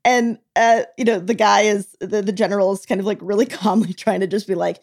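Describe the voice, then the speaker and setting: A woman co-hosting a podcast, telling a news story in casual chat, animated and acting out quotes, often laughing. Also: mid-range voice, brisk. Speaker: podcast co-host.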